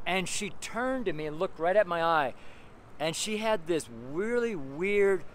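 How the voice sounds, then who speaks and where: A man's voice: sits high, expressive, a little slow. A man giving an earnest, rambling personal testimony as a street preacher, full of "you know" fillers and repeated phrases, recorded outdoors near street traffic.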